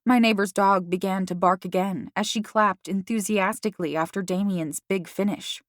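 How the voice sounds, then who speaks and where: A woman narrating a first-person audiobook in a measured, reflective way. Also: medium pitch, fairly even intonation, no echo, studio quality.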